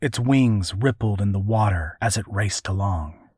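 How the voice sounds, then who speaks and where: A man narrating an adventure story in a measured, even audiobook reading. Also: on the low side, slightly rough, dry recording, studio quality.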